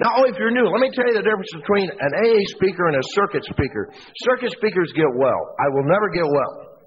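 A man's voice: high voice, quick pace. Man telling a funny story in a hall. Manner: self-mocking, animated storyteller. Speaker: recovery meeting speaker. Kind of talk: humorous storytelling talk. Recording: dull lo-fi tape in a reverberant hall, faint hiss.

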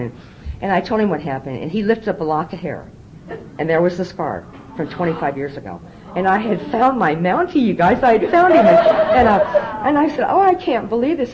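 Older woman speaker at a meeting, fast and expressive storyteller, voices the dialogue, low-ish voice, faint rumble behind. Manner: animated, confiding storyteller, acts out dialogue. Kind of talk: recovery meeting talk, storytelling.

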